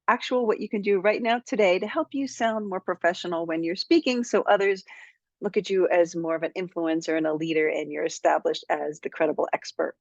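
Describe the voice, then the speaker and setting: A woman's voice: on the low side, fairly even intonation, fairly quick, vocal fry, darkish tone, no echo, lo-fi sound. A woman who coaches public speaking, giving an upbeat, direct tutorial to camera.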